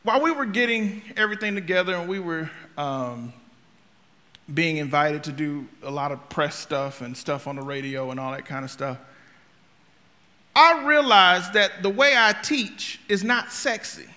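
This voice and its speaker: A man preaching a sermon with a high, very bright and piercing voice. He tells humorous stories in a conversational way, moving from hushed asides to loud outbursts. His voice rings with a long reverb. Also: animated, normal speed. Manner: conversational, humorous, swings from quiet storytelling to loud shouting.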